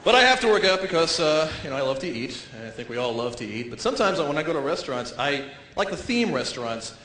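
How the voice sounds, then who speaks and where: On a comedy stage before a live audience, a man does stand-up at a quick pace in a high, lively, bright voice, breaking into silly character voices. The sound is echoey with faint background noise.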